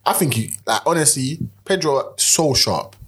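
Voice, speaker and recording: A young man in a casual football chat, excitable and repeating himself in slangy bursts. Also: medium pitch, a little slow.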